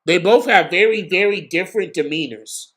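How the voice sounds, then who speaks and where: A young man giving casual, slangy live commentary on a boxing match for his stream, excitable and prone to bursts of shouting. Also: sits high, moderate pace.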